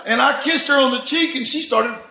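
A man in his sixties preaching, telling a story in an animated way and laughing often. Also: extremely high pitch, a little fast, roomy sound, crowd noise, low-quality recording. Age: 60s. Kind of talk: sermon storytelling.

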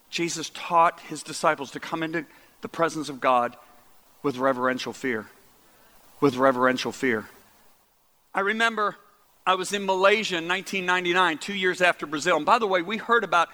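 Man, preacher, high voice, animated sermon storytelling, long reverb of a hall. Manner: animated, repeats words, drops to hushed tones for quotes.

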